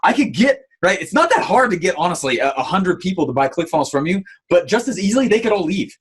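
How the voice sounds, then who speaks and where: A man giving an online marketing training, telling stories in an animated way with lots of fillers. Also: sits high, fast talker, breathy edge. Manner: animated storytelling with many fillers.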